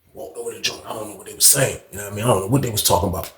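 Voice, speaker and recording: A man's voice: on the low side, racing, a bit bright. A man casually telling a story with loose conversational asides. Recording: roomy echo.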